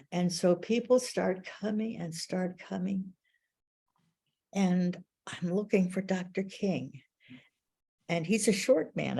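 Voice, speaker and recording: An older woman, a veteran journalist, telling a story in an interview, animated and acting out dialogue, laughing often. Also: lowish voice, creaky.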